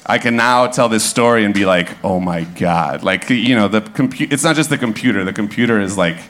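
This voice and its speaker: A man in his thirties from Minnesota with a lowish, relaxed voice tells a comic story to a live crowd. He is animated and laughs along, and he acts out what people said. He is on a stage mic in a club. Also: fast. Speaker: guest storyteller.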